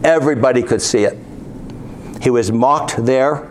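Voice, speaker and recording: A man's voice: medium pitch, moderate pace, darkish tone, slight background noise. A man preaching a sermon, reading scripture aloud and asking his listeners rhetorical questions.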